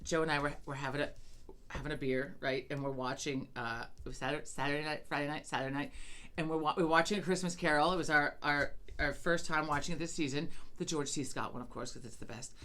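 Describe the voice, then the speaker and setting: A woman's voice: sits low, steady tone, fast talker, fairly bright tone. A woman co-hosting a podcast, telling a story in casual chat, swearing freely and laughing through it. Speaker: podcast co-host.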